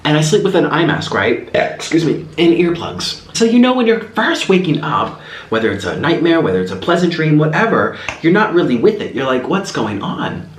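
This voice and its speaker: A man vlogging a casual story while he eats, rambling and animated, with lots of restarts. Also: on the high side, brisk. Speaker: mukbang vlogger. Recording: roomy echo, faint background hiss.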